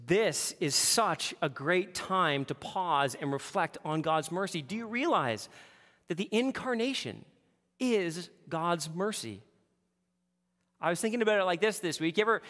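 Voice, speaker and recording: A man preaching a sermon, animated, moving between hushed and loud passages. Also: fairly high pitch, in a large hall. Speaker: pastor.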